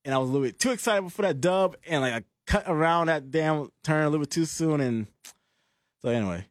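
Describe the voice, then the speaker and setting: A man's voice: fairly high pitch, animated, fast, no room sound, studio quality. A young man in casual chat, telling a story with lots of fillers and laughs.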